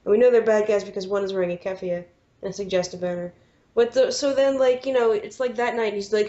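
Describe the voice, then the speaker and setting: A woman's voice: fairly high pitch, a little fast, darkish tone. A woman co-hosting a podcast, talking animatedly and quoting her own exasperated reactions in a casual film discussion. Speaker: podcast co-host. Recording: dull lo-fi audio.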